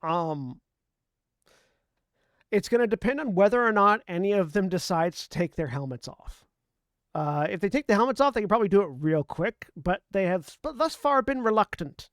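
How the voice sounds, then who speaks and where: A man's voice: high voice, expressive, moderate pace, a bit bright, dry recording, studio quality. A man running a tabletop role-playing game as game master, stammering often with repeated fillers.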